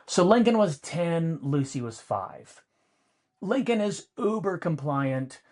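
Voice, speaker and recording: A man's voice: a little high, very animated, slow, a little mellow. A middle-aged man co-hosting a podcast, telling a personal story emphatically and repeating key points for effect. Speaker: podcast co-host.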